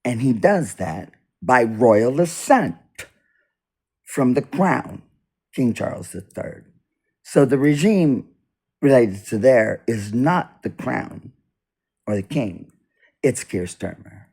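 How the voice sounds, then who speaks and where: Slow, lively-pitched man talking politics. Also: slightly rough. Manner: halting, repeats and restarts, swings loud and soft. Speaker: video blogger. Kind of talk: unscripted political monologue. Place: indoors, US east coast.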